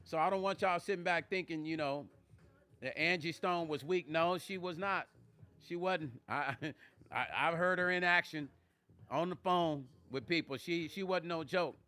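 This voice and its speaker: A man with a New Jersey accent chats casually on his live stream, calling out viewers by name as their comments come in. His voice sits a bit high and sounds bright and forceful. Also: normal speed. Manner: chatty, greets and answers chat viewers by name. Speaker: music vlogger hosting a live stream.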